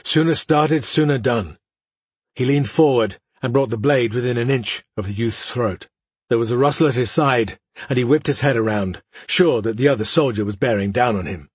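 A man narrating a fantasy story as an audiobook, measured and dramatic, often dropping to a hush. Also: medium pitch, husky, dry recording.

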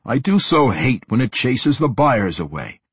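A man's voice: mid-range voice, sing-song, measured pace, husky, dry recording, heavily acted. A man voicing an old male half-orc merchant in an audiobook, speaking in a genteel, chuckling and sometimes pleading way. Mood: wry amusement. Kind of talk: audiobook character voice.

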